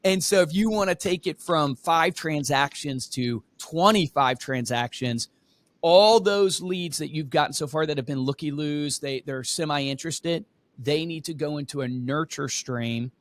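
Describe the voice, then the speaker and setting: A man's voice: fairly high pitch, a little slow, no echo. A man hosting a call-in podcast, giving direct coaching advice and checking in with "right?". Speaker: podcast host.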